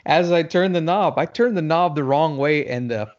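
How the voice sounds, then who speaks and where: A man telling a story in casual chat, laughing often and shouting out his own quoted reactions. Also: fairly high pitch, moderate pace, highs cut off. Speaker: podcast co-host.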